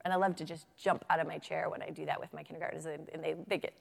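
A kindergarten teacher speaking at a faith talk into a microphone. She is lively and asks the audience to answer her. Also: sits low, rapid-fire, gravelly. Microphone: handheld microphone. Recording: long reverb of a hall.

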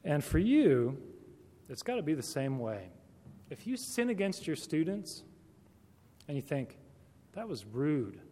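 A man with a fairly high, warm, sing-song voice speaks a little slowly and pauses often. He talks conversationally and directly to Christian educators, asking many rhetorical questions. The recording has long hall reverb.

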